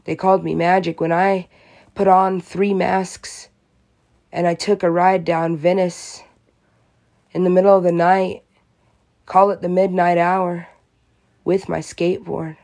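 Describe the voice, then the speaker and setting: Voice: mid-range voice, level tone, unhurried, pauses often, a little mellow. A vlogger in a rambling, profane, conspiratorial monologue.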